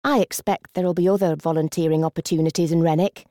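Narrator as a polite, weary shop volunteer. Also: female voice, fairly low pitch, steady tone, fast, no echo, studio quality, natural voice. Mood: subdued. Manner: polite, quietly subdued.

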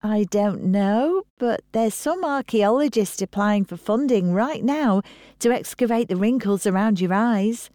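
A woman reading an audiobook voices a cheeky seventeen-year-old girl, teasing and quick-witted. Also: medium pitch, lively intonation, mellow, dry recording, studio quality, pitched above the performer's own voice, close to an everyday voice.

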